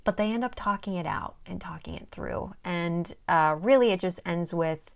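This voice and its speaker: A woman's voice: fairly low pitch, normal speed, gravelly. A young woman casually recapping a novel's plot, chatty and dramatic, swearing and making asides, sometimes reading passages aloud. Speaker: book summary vlogger.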